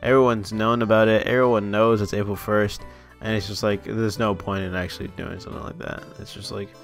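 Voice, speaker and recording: A man's voice: lowish voice, flat delivery, fairly quick, creaky, faint music behind. A young man ranting sarcastically and profanely in a casual vlog, mocking his audience. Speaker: YouTuber.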